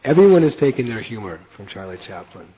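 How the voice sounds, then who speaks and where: An older man telling a personal story, animated and often laughing as he acts out voices and chanting. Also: medium pitch, fast, husky. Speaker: devotee recounting a personal story. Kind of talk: anecdotal storytelling talk. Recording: tinny phone-like lo-fi audio.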